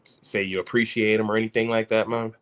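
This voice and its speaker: A man's voice: lowish voice, little pitch movement, quick pace, a bit bright, clear, resonant tone. A man hosting a podcast interview, laid-back and enthusiastic, with casual slang. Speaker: podcast host.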